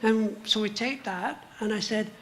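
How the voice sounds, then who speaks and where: An older man with a high voice, telling stories as a musician guest on a live stage, humming and singing song parts as he goes. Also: normal speed, a bit bright, a little hiss or hum. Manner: hums and sings song parts while telling stories, chuckling. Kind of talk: live on-stage interview storytelling.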